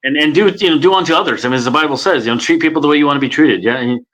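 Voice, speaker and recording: A man guest in a casual interview, talking in a lively, chatty way. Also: a little high, rapid-fire, low-quality recording. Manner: lively, chatty, many fillers. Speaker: guest, impressionist.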